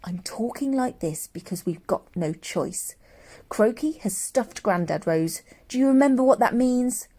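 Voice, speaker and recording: A woman's voice: fairly high pitch, lively intonation, measured pace, warm tone, voice pushed up. A woman voicing an earnest young boy who pleads urgently to rescue his family. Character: earnest determined young boy, the narrator-hero.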